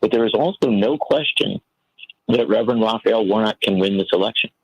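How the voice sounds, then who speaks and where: A man's voice: on the low side, a little fast, breathy edge, dry recording, rough recording. A man giving earnest, impassioned political commentary as a guest on a talk radio show, telling a story to make his point. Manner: earnest, impassioned, tells stories.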